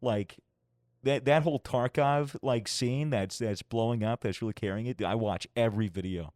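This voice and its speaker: A man co-hosting a podcast in casual chat, telling gaming stories in a lively way and swearing freely. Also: mid-range voice, moderate pace, dry recording, studio quality. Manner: animated storytelling, swears freely. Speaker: podcast co-host.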